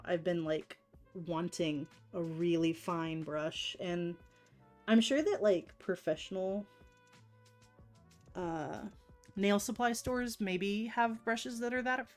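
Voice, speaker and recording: A woman's voice: lowish voice, slow, soft background music. A woman chatting casually on a live stream while doing nail art, laughing often and teasing herself.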